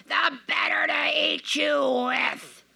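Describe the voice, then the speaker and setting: A woman voicing a cunning male wolf disguised as a grandmother, in a slow, altered voice. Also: high voice, steady tone, vocal fry, pushed and bright, no room sound, pitched above the performer's own voice, exaggerated voice. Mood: menacing.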